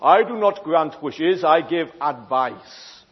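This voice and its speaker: A man voicing a solemn male genie, with slow, grand, booming speech. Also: animated, breathy edge, heavily acted. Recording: dull lo-fi sound.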